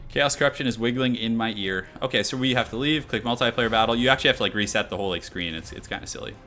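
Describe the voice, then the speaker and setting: A man's voice: mid-range voice, racing, bright, forceful tone, faint music behind. A young man casually commenting on his live game stream, chatting loosely and answering chat as he goes. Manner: chatty, reads chat aloud, many fillers.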